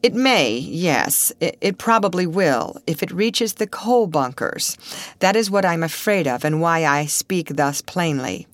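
A woman reading a story voices a male ship captain who speaks in a measured, plain way. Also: lowish voice, lively intonation, no echo. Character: steady middle-aged male ship captain.

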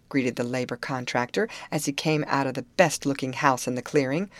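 A woman narrating a novel as an audiobook in a measured storytelling manner. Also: very deep voice, fairly even intonation, no room sound.

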